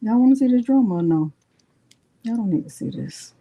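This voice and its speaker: A woman's voice: a little high, lively intonation, brisk, dark tone. A middle-aged woman hosting a crafting livestream, chatting casually with viewers, teasing herself and muttering as she works. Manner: chatty, addresses viewers as y'all, self-teasing; muttering to herself while working. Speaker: crafting channel host.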